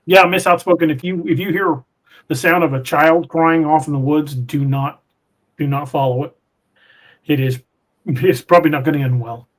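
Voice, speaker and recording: A man hosting a podcast, reading viewer comments aloud in a relaxed, chatty way. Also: a little high, normal speed. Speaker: podcast host reading live chat. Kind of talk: casual live-stream chat.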